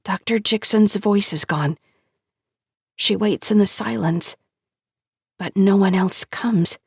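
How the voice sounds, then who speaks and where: Female audiobook narrator, unhurried, husky-soft voice, bone-dry close mic, slightly low. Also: no room sound. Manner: measured, hushed storytelling.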